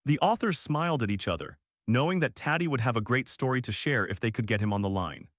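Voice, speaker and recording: A man reading an audiobook in measured, even scripted narration. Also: medium pitch, dry recording, clean studio sound.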